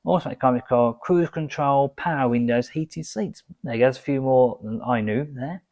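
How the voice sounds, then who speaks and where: A man's voice: medium pitch, normal speed, a little mellow. A man hosting his own car vlog, reading quiz answers aloud and chatting between them with casual asides. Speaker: car vlogger.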